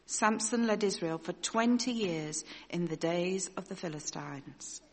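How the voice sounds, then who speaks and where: A woman's voice: lowish voice, unhurried. Woman reading scripture in a reverberant hall. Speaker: scripture reader. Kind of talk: reading scripture aloud in church.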